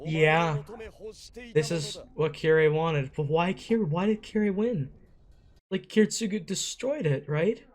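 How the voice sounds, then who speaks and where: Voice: medium pitch, unhurried. A young adult hosting an anime reaction video, gasping, exclaiming and swearing at the screen. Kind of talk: emotional reaction commentary.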